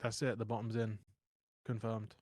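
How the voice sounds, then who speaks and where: A young man co-hosting a live trading stream, chatting casually and telling animated stories, swearing freely. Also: fairly low pitch, normal speed, dry recording, clean studio sound. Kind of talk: casual storytelling chat.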